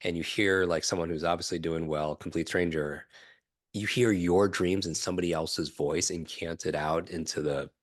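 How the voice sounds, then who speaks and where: A middle-aged man, a podcast guest, telling a personal story in an animated way, acting out what others said and often asking "right?". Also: deep voice, moderate pace, no echo, clean studio sound. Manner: animated storyteller, acts out quoted voices, frequent "right?". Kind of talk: storytelling in a conversational interview.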